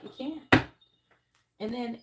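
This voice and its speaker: A woman's voice: a little high, takes it slowly, heavy background noise. A woman hosting a live tarot stream, talking bluntly and profanely in a casual, exasperated way. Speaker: tarot reader hosting a livestream. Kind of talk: casual livestream talk. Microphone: earbuds.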